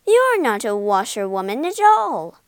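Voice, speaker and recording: A woman's voice: fairly high pitch, big pitch swings, a little slow, dry recording, studio quality. Woman playing a hearty storybook barge woman. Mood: scornful. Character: kindly but quick-tempered barge woman.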